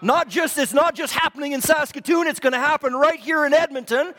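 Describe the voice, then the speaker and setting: High-voiced fervent preacher. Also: male voice, fairly quick. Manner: fervent, repeats phrases, swings from loud to hushed. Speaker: pastor. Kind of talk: sermon. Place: church hall. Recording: long hall reverb.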